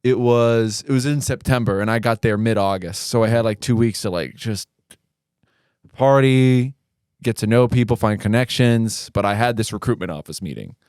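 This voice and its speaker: A man's voice: lowish voice, moderate pace, a little mellow, clear, resonant tone, no room sound, clean studio sound. A young man hosting a podcast, telling a long, profane, self-mocking story in a rambling casual way. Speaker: podcast host.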